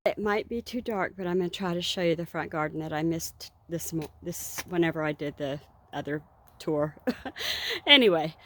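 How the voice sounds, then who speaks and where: A woman's voice: sits low, normal speed, a bit bright, a little hiss or hum. A woman chatting casually in a vlog while walking outdoors through her garden, rambling and laughing now and then, a little out of breath. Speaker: vlogger.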